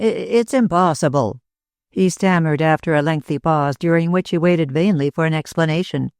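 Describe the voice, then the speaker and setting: A woman reading a novel aloud as an audiobook narrator, measured and even in her telling. Her voice sits on the low side, recorded close and dry with no room around it. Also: no room sound. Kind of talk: scripted narration.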